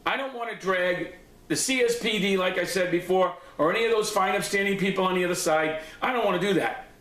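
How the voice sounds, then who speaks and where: A man's voice: high voice, a little fast, a bit bright. A man giving a blunt, profane, confrontational recap of a board meeting, speaking straight to the people involved. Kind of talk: angry personal recap monologue. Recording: echoey room.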